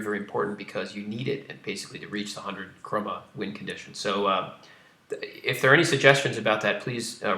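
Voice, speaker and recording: Bright-voiced man explaining his game. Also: lowish voice, echoey room. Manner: explains game mechanics while playing, many fillers. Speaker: game designer streaming gameplay. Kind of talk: casual live-stream commentary.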